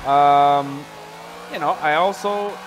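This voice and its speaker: A young man from Canada talks through a car build and a drive in a loose, rambling way, joking as he goes and leaning on lots of fillers. His voice sits a little higher than most men's. The sound is close and simple, like a desk mic in a home gaming setup. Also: takes it slowly, background noise. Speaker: gaming channel host. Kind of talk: casual gameplay commentary.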